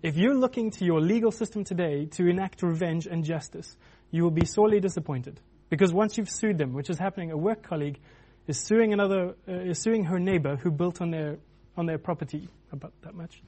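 A man's voice: high-pitched, a little fast, hardly any pauses, mellow. A man preaching a sermon in a loose, conversational way, with many restarts and filler words.

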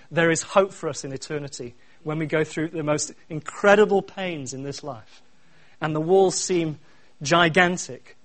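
A middle-aged man preaching a sermon, swinging from quiet asides to loud, repeated refrains. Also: fairly high pitch. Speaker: pastor.

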